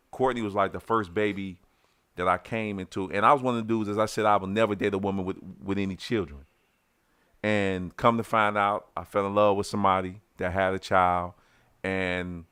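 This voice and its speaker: A middle-aged man with a Detroit accent telling a personal story on a podcast in casual, heated talk, restarting his sentences, swearing, and loudly acting out what people said. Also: low-pitched, clean tone, no room sound.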